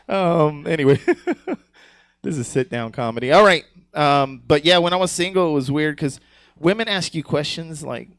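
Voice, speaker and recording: A man's voice: fairly high pitch, measured pace, long pauses, a bit bright, no echo. Crude, giggling male stand-up comic. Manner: crude, rambling, laughs at his own jokes; keeps asking "you know what I'm saying". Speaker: stand-up comedian. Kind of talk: live stand-up set. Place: comedy theater stage.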